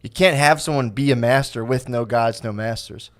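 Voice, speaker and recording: A man's voice: mid-range voice, fairly bright tone. A man co-hosting a comedy podcast in casual chat, rambling and restarting often, mock-earnest and jokingly self-pitying. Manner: rambling, halting, with many restarts and fillers. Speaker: podcast co-host.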